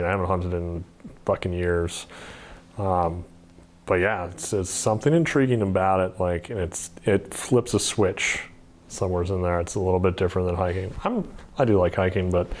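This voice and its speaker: A man hosting a podcast, musing in a reflective, loose way with some casual swearing. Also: sits low. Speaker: podcast host.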